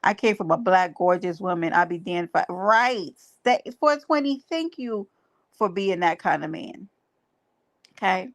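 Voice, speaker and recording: Speaking unhurriedly and expressively in a low-leaning voice, a livestream host chats casually with her viewers. She's emphatic and preachy, and she says things over again.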